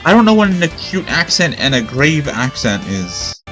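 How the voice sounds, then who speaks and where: A man's voice: mid-range voice, very animated, normal speed, music in the background. A man commenting casually during a game playthrough, rambling and thinking aloud while he questions himself. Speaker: gamer. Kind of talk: let's play commentary.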